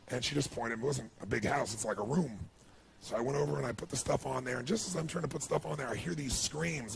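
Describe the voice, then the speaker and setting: A man's voice: medium pitch, creaky. A man giving an earnest, emotional storytelling speech as a motivational speaker, with lots of "you know.".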